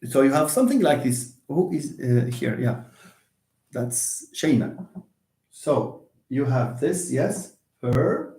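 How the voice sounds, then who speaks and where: A man giving a live online English lesson, hesitant with many fillers and restarts, lively when stressing examples. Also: mid-range voice, slow pace, gravelly. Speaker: English lecturer. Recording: echoey room.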